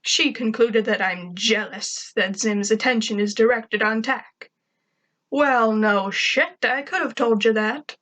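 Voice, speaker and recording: A woman's voice: a little high, slow pace, fairly bright tone, rough recording. A woman reading a first-person story aloud in a snarky, conversational way. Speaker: fan fiction reader.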